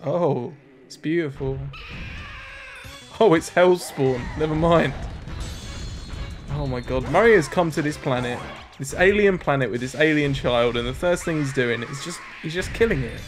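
A young man in his twenties, a gaming host, joking and reacting excitably while he plays. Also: on the high side, measured pace, soft background music. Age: 20s. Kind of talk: let's-play commentary.

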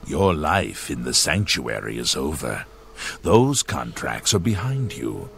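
A solemn video game assassin leader, with an extremely low voice full of gravel. He speaks slowly in a grave, ceremonial way. Faint game music runs behind him. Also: sing-song, fairly bright tone, slight background noise, full character voice.

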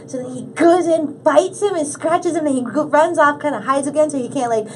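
A woman guest on a podcast, chatting casually and telling animated stories while acting out the quotes. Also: high voice, brisk, slight background noise. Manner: animated storyteller, acts out quotes. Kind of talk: casual chat.

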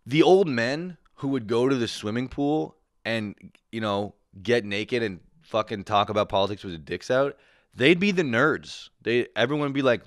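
A man hosting a comedy podcast, telling a profane, animated solo rant with quick voiced impressions. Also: mid-range voice, dry recording, studio quality.

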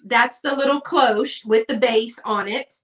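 A woman's voice: a little high, measured pace, fairly bright tone, far from the mic. A chatty woman hosting a live sale stream, reading out bids and saying y'all. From Texas. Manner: chatty, says y'all, reads bids aloud. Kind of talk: live selling stream, casual chat.

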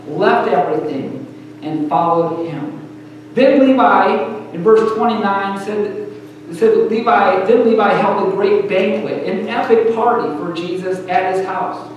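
Male preacher, storytelling sermon, higher voice, roomy hall sound with faint hum. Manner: storytelling preacher, pausing often in short phrases. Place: church sanctuary. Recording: echoey hall, distant mic, faint hum.

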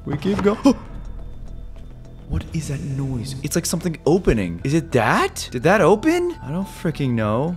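Excitable young man narrating a spooky game. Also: a little high, normal speed, faint music behind. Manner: jumpy, excitable, talks to himself and chat, sudden shouts and laughs. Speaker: gaming YouTuber. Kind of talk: let's play commentary.

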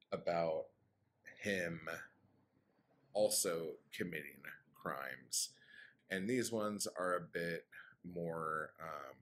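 Man, very low voice, slow, rambling, filler-heavy, swears casually. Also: fairly bright tone. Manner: loose and rambling, many "um" and "like" fillers, blunt swearing. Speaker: author summarizing his story. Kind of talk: casual spoken recap.

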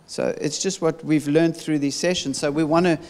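A man with a somewhat high voice teaches conversationally, jumping into animated stories and restarting his sentences often. His voice rings out with a long reverb. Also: moderate pace. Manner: animated storytelling with many restarts. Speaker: deliverance minister.

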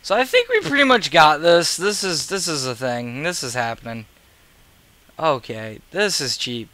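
A gaming creator grumbles and curses with sarcasm as he casually commentates, clearly tired and yawning. His voice is on the high side and very animated, pushed and bright, at a measured pace with no echo.

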